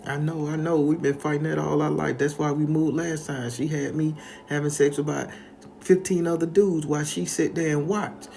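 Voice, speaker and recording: A man's voice: on the high side, flat delivery, moderate pace, vocal fry, a little mellow, a little hiss or hum, pitched above the performer's own voice. A man voicing a troubled young woman who pleads tearfully. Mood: pleading. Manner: pleading, confessional.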